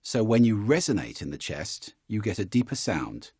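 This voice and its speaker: With a breathy edge and moderate pace, this male voice coach leads a spoken lesson, animatedly altering his voice to demonstrate pitch shifts. The sound is studio quality and free of echo.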